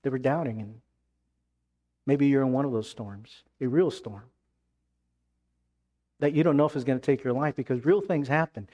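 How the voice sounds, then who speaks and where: A man preaching a sermon as pastor, emphatic, then dropping to hushed tones. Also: mid-range voice, normal speed, pauses often.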